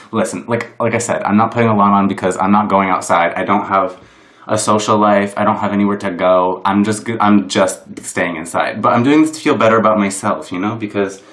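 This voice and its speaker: With a voice on the low side and a bit bright, a young vlogger rambles through a casual makeup tutorial in his room, poking fun at himself and using "like" constantly. His camera is propped on a box, and the home room's echo is roomy.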